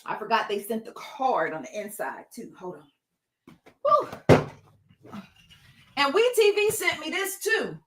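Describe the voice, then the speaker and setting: A woman's voice: high-pitched, wildly swooping pitch, unhurried, pauses often, noisy background. A woman hosting her own livestream, chatting playfully and animatedly with her viewers. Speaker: livestream host. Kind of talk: casual livestream chat.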